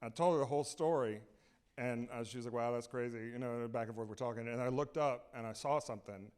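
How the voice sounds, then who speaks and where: A man telling a comic story live on a small cultural center stage, excitable, rambling and self-mocking. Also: mid-range voice, quick pace, clear, resonant tone.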